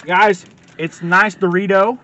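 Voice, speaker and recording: A man's voice: sits high, fairly even intonation, takes it slowly, bright, forceful tone, highs cut off, a little hiss or hum. Hyped young man vlogging from a car. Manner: hyped, joking, yelps and laughs. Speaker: vlogger host. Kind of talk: casual vlog chat. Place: inside a car.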